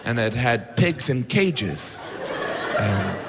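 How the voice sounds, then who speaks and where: A middle-aged man from the United States doing a stand-up comedy set, deadpan and observational, jumping into high-pitched asides. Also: slow, over music. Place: large theater before a live audience. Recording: reverberant hall with live audience noise.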